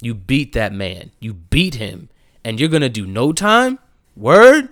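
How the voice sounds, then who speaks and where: A young man with a New Jersey accent, ranting in slangy, profane casual talk, swinging from low mutters to loud exasperated outbursts. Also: expressive, normal speed, no room sound, clean studio sound. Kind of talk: casual opinion rant.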